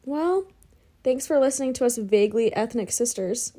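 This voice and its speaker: A chatty woman co-hosts a casual podcast, talking a lot and often cutting in. Her slightly high voice is full of "like". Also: lively intonation, moderate pace, warm tone. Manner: talkative, cuts in, says "like" often. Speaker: podcast co-host. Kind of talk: casual chat.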